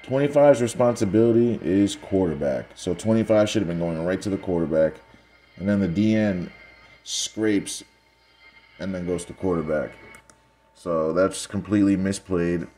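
A young man casually breaking down football highlights for viewers, analytical and sarcastic, talking straight to the audience. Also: normal speed, dark tone. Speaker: football video commentator.

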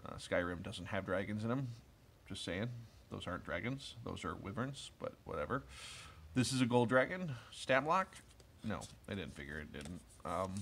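A man in his thirties chats his way through a pack of cards, enthusiastic and full of asides and fillers. His voice sits a little low. There is a faint ambient hum behind him. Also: fairly bright tone. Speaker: card collector opening packs. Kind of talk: casual rambling commentary while opening cards.

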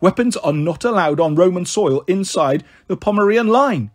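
A man voicing a fussy, pompous male statue god who scolds in a shrill teacher voice. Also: lively intonation, moderate pace. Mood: scolding.

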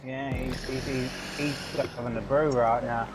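A man's voice: mid-range voice, fairly even intonation, normal speed, noisy background. A man gaming with friends, dry and teasing in casual chat.

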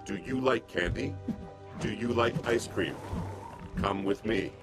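A man voicing a calm robot guardian in a video game, coaxing others along in a soothing, reassuring way. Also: fairly low pitch, measured pace, over music, lightly acted.

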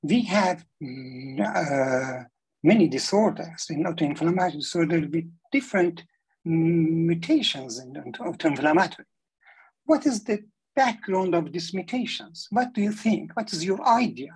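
A woman in the audience asking a question in a webinar, halting and polite. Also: on the low side, lively intonation, a little mellow, husky, low-quality recording. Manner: halting, polite, repeats thanks.

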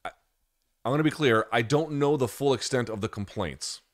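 A man's voice: mid-range voice, moderate pace, no echo, clean studio sound. A male host in a casual live-stream chat, answering viewer questions in a candid, loose way and swearing freely.

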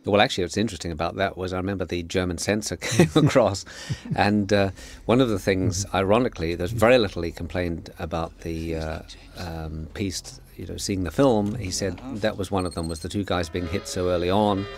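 A middle-aged man giving a relaxed, anecdotal film commentary as the director, with frequent fillers. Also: deep voice, brisk, few pauses. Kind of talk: DVD audio commentary.

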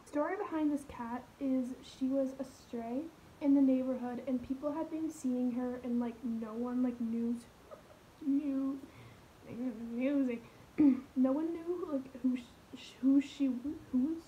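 A woman's voice: high voice, dull audio, slight background noise. A teenage girl rambling through a parody vlog in her bedroom, full of fillers and drifting into whispers. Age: teens. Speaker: vlogger.

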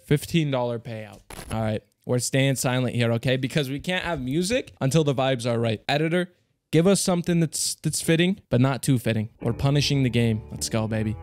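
Profane, excitable young man streaming slots. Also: mid-range voice, normal speed, faint music behind. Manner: excitable, profane, jumps to loud yells. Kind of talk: hyped gambling commentary.

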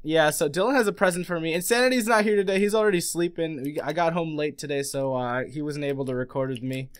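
A young man hosting a casual gaming let's play, talking fast and getting excitable, laughing at his own mishaps. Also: fairly high pitch.

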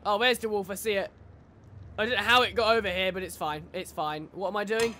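A gamer chatting through a horror game in casual let's-play commentary, joking, swearing and laughing as they go. The voice sits at a middling pitch, with faint game noise underneath. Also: fairly quick, sharp tone. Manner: jokey, swearing, laughs often.

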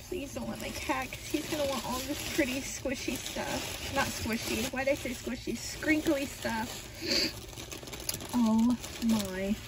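A woman vlogger unboxing birthday mail at home, gushing and excitable with constant exclamations. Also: sits high, very noisy. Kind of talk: casual unboxing vlog.

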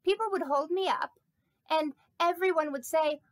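A woman's voice: sits high, normal speed, no echo, close to an everyday voice. A woman voicing a vain, chatty, silly snake puppet in a children's sermon, talking playfully with rambling asides. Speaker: pastor.

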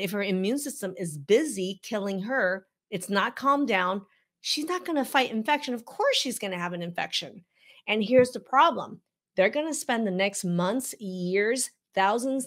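A woman doctor talks straight to her viewers in a casual health explainer. She is blunt and emphatic, leaning on a questioning "okay?" to keep them with her. Her asides are teasing and a little salty, and her voice sits at an ordinary middle pitch. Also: fairly bright tone. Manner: mildly profane, teasing asides. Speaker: doctor and health video host.

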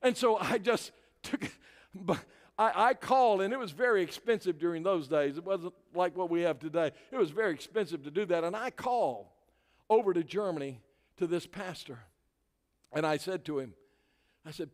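Older male guest preacher, high-pitched and animated, in a big echoing sanctuary. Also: normal speed. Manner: animated, rising to shouts at climaxes. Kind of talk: sermon storytelling. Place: church sanctuary. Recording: long reverb of a large hall.

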